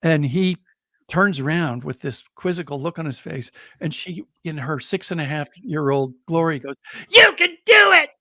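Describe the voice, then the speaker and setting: A middle-aged American man, a storyteller, telling a personal anecdote on a podcast in a lively way and chuckling as he goes. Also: fairly high pitch, moderate pace. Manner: lively, chuckling, builds excitement as he tells it.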